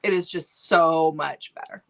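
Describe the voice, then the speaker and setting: A woman's voice: sits low, a little slow, vocal fry. A woman co-hosting a book review channel, chatting casually and gushing with lots of restarts as she retells a story. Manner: gushing, self-interrupting, animated storytelling.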